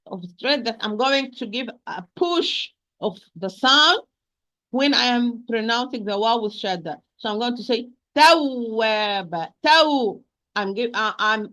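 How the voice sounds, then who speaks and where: A woman teaching Quran recitation in an online lesson, patient and repetitive, slowing down to demonstrate each sound. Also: fairly high pitch, a bit bright, low-quality recording. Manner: patient, repeats corrections, slow demonstrations.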